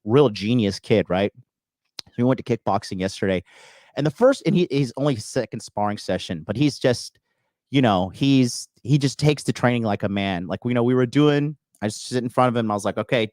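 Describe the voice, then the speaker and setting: A man's voice: medium pitch, a little fast, darkish tone, no echo. A man in his thirties hosting a call-in coaching show, talking in a boastful, profane, emphatic way with lots of fillers. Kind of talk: casual livestream monologue.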